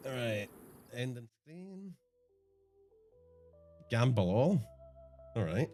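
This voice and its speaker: A man's voice: mid-range voice, big pitch swings, very slow, darkish tone, soft background music. A man streaming a game, chatting casually and self-mockingly to viewers, swearing often. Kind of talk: casual live-stream chat.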